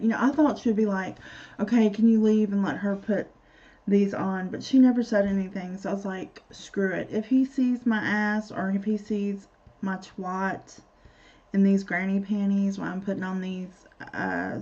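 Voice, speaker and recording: A woman's voice: mid-range voice, creaky, mellow. A woman vlogger telling a casual, rambling story with candid, profane asides. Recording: dull lo-fi recording.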